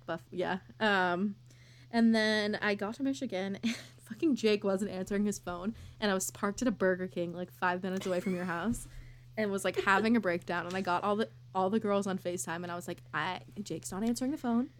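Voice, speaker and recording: A woman's voice: mid-range voice, fairly quick. A young woman telling a story in casual chat, swearing and acting out quotes in different voices.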